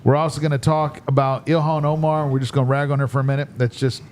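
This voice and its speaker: A man's voice: medium pitch, level tone, fast, a little mellow, slight background noise. A man co-hosting a casual podcast, joking as he runs through a list of topics. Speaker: podcast co-host.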